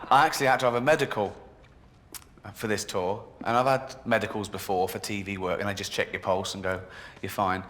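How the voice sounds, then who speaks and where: A sardonic man working a club crowd with a mocking stand-up routine. His voice carries a long reverb tail, as if he is on a stage in a large room. A steady hiss sits clearly under everything. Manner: sardonic, mocking, slips into squeaky put-on voices. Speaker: stand-up comedian. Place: comedy club stage in a video game. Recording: game audio, club reverb with crowd laughter.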